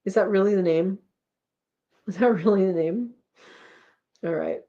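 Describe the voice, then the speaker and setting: A woman's voice: mid-range voice, unhurried, dark tone, highs cut off. A woman hosting a homesteading live chat, casually reading viewer comments aloud and rambling with frequent laughs.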